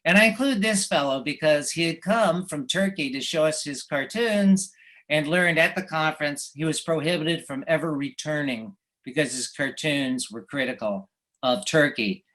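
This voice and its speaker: An American man, a cartoonist, giving a wry, anecdotal slide presentation, pausing often with fillers and little chuckles. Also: mid-range voice, sharp tone. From United States.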